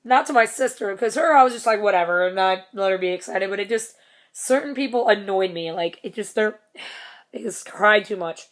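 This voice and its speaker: A woman's voice: mid-range voice, normal speed. A young woman telling a story in a casual vlog, rambling, swearing casually and laughing between lines. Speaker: vlogger.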